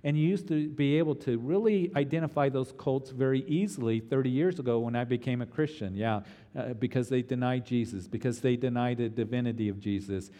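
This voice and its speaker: A middle-aged male pastor preaches an earnest, emphatic sermon in a mellow, warm voice. His words ring out with a long reverb, as in a big church sanctuary. He teaches steadily and often restarts a phrase to press his point. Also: medium pitch, brisk. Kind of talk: expository sermon.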